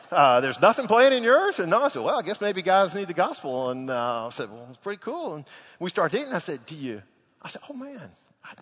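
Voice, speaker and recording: A man preaching a sermon, telling a funny personal story with lively animation before turning to scripture. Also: high-pitched, slightly rough. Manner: animated storyteller, laughs through the tale. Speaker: pastor. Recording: long echo of a large hall.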